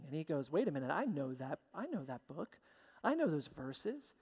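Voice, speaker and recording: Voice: mid-range voice, a little mellow. Emphatic pastor preaching in a reverberant church. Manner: emphatic preaching with repeated phrases. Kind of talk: sermon. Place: church sanctuary. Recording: long church hall reverb.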